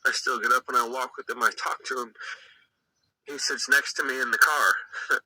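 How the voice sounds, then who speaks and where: A man's voice: medium pitch, fairly even intonation, normal speed, sharp tone, slightly rough, rough recording. A man giving a personal faith testimony in an earnest, emotional, conversational way, with many fillers.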